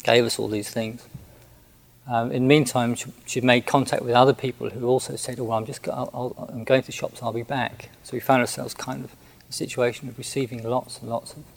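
A man who is a Buddhist monk, recounting a personal story in a gentle, hesitant way with many restarts. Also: medium pitch, flat delivery, fairly quick, creaky, rough recording.

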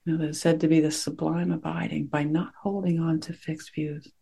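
A woman meditation teacher giving a dharma talk to her class, gentle and reflective, pausing often as she searches for words. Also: low-pitched, level tone, vocal fry, slightly rough.

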